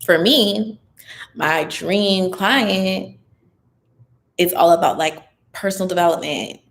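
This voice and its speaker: A woman's voice: fairly low pitch, vocal fry. Chatty tired young woman on a livestream. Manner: chatty and upbeat, advice-giving, with frequent fillers. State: tired and a little loopy. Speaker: online business content creator hosting a live Q&A. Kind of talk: casual livestream chat.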